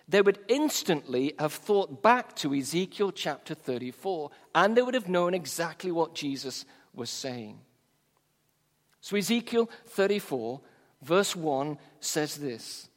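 Preacher, man, high voice, emphatic sermon delivery, long church reverb. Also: sing-song, measured pace. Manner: emphatic, stresses key words, reads scripture aloud. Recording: long reverb of a large hall.

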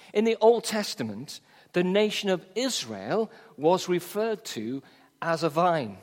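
A man preaching a sermon, teaching from the Bible in a measured, emphatic way. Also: on the high side, in a large hall.

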